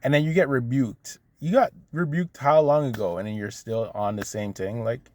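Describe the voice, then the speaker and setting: A man's voice: mid-range voice, steady tone, moderate pace, darkish tone, no room sound. A man in a casual, profane rant full of street slang, recorded on a phone in his car. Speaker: vlogger. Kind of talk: casual ranting monologue. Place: in a parked car. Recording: car interior with road noise.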